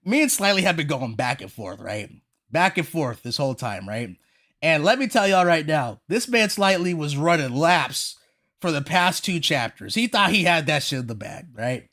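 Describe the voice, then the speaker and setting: A woman livestreaming a reaction to a manga chapter, talking straight to her chat in an excitable, hyped-up way that can tip into frantic shouting. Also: low-pitched, normal speed.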